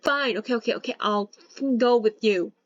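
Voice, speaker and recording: A woman's voice: a little high, moderate pace, dry recording, lo-fi sound, lightly acted. A woman voicing a defiant, hotheaded young male bodyguard who answers back snappily. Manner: snappy and stubborn.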